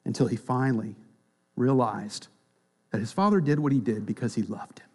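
A man preaching a sermon, swinging between quiet, near-whispered lines and loud, emphatic passages. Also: medium pitch, normal speed, slightly rough.

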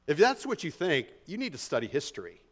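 A pastor preaching an expository sermon in a conversational, emphatic way, often asking the congregation rhetorical questions. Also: male voice, a little high, huge pitch swings, brisk, a bit bright.

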